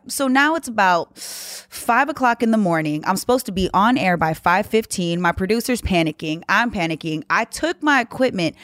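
A woman guest on a podcast, telling a story in casual chat, lively and exasperated as she quotes others. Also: mid-range voice, dry recording, clean studio sound.

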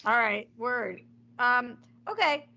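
Woman hosting a chat stream, gravelly fry in her voice, a bit high. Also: animated, takes it slowly, pushed and bright, dull audio. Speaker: host. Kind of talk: casual comedic chat.

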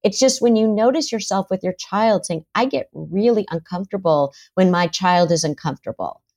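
Speaking at normal speed in a mid-range voice, this middle-aged therapist and author appears as a podcast guest. She's animated, acting out what parents and children say in their voices.

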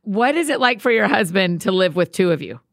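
Gravelly-voiced woman host, dry mic. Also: medium pitch, very animated, dry recording. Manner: warm, quick backchannels and curious questions. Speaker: podcast host. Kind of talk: casual interview chat.

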